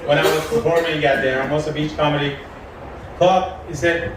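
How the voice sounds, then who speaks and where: An Iranian man performing a live stand-up set in a lounge, telling deadpan stories and quoting the people in them. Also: on the high side, brisk. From Iran. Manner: deadpan storytelling, quoting people in his jokes. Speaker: stand-up comedian. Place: comedy lounge stage. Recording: echoey room from far off, faint noise.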